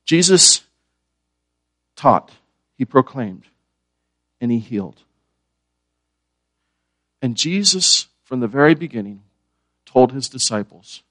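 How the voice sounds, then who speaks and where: A man preaches a sermon, asking his listeners questions and repeating his key words. His voice sits at an everyday middle pitch. The sound is close and dry. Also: lively intonation, measured pace, long pauses, a bit bright, no echo. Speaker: pastor.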